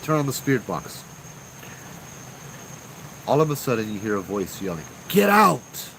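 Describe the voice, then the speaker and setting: A man telling his own ghost story in a casual, slangy, animated way, acting out what people said. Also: on the low side, moderate pace, a little hiss or hum, rough recording.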